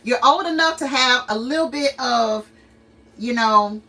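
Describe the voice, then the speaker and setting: Slightly high and a little slow, the mother running this casual stream laughs often while animatedly telling stories, ranting, and acting out quotes. She is recorded from a distance, and the quality is low.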